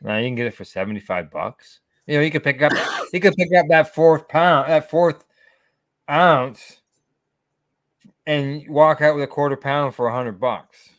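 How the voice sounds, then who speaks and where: A man's voice: on the high side, moderate pace, dry recording, studio quality. A man hosting a casual chat over a video call, talking in a rambling way full of asides. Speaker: host.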